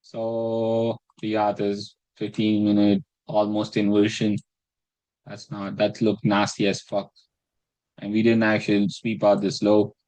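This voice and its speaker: A man's voice: on the low side, monotone, measured pace, darkish tone, dry recording, poor audio. A man casually talking through his week's trades, rambling and self-deprecating, swearing and restarting his phrases. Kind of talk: casual screen-recorded trading breakdown.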